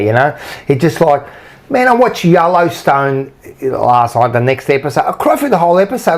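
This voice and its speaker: A man's voice: fairly high pitch, very animated, a little fast. A man co-hosting a podcast, talking in a loose, rambling way and often checking in with "you know what I mean". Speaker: podcast co-host. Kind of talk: casual chat.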